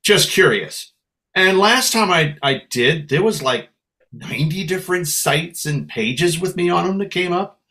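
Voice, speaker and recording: This higher-voiced man from San Francisco, USA, is a musician guest in a storytelling interview. He speaks at a moderate pace, tells stories with lots of life, and slips into accents when quoting people.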